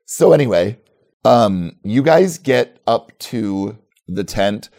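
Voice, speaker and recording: Slow-talking low-voiced man running a game. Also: creaky. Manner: relaxed, rambling narration with many fillers. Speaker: game master. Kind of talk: narrating a tabletop game.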